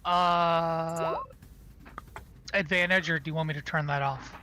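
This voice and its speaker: A player at a tabletop game, slowly thinking aloud through choices. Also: medium pitch, steady tone, sharp tone.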